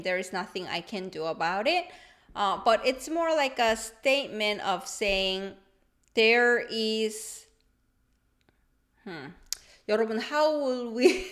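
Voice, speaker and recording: A woman's voice: on the high side, fairly bright tone. Woman teaching a language lesson. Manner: explains slowly, switches between English and Korean, chuckles often. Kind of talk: live-stream language lesson.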